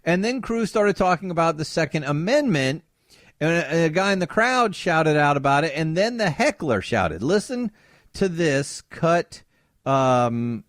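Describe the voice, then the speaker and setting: Animated sarcastic male talk radio host. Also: fairly high pitch, unhurried, no echo, clean studio sound. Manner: sarcastic, mocks opponents in put-on voices. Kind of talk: conservative talk radio commentary.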